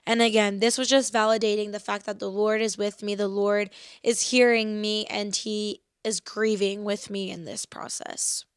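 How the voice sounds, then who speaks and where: A woman speaking earnestly and reflectively about faith, slowly reading scripture verses aloud. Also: medium pitch, level tone, clear, resonant tone, no room sound, clean studio sound. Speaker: faith podcast host.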